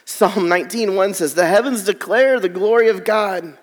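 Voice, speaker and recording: A man's voice: sits high, normal speed. A man preaching a sermon, reading scripture aloud with dramatic drops to near whispers. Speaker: pastor. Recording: long hall reverb.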